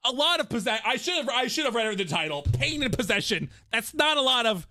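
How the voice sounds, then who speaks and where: A young adult man streaming live, chatting to his viewers in an animated, jokey and self-mocking way, laughing often between script reads. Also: very high voice, fairly quick. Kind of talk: casual live-stream chat while reading voice scripts.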